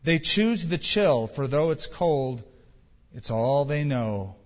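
A man voicing a calm male stranger who brings fire, speaking gently and invitingly, in a reverberant hall. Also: fairly high pitch. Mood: gentle. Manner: gentle, inviting, slow storytelling. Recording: reverberant hall, dull sound.

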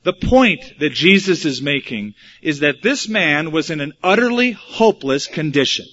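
A pastor preaching an expository sermon and reading scripture, with wry asides. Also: male voice, a little high, sing-song, normal speed, sharp tone. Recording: dull lo-fi recording.

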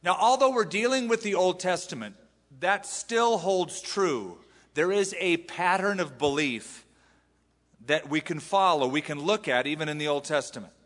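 A man's voice: high voice, animated, normal speed, a bit bright, big-room sound. A man from the US West Coast with an American accent, preaching a sermon in a conversational, self-deprecating way. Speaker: pastor. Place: large church hall.

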